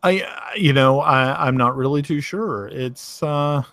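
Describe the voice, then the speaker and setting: A man from Tennessee with a Southern accent, talking casually on a video call, halting with many restarts and fillers. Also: medium pitch, a bit bright, dry recording. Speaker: host. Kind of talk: casual online chat.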